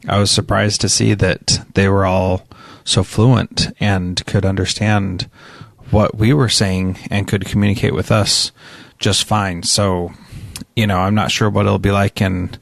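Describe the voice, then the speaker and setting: A man's voice: fairly low pitch, level tone, a little slow, gravelly, no room sound. A man hosting an interview podcast, talking in a friendly, encouraging way. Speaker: podcast host.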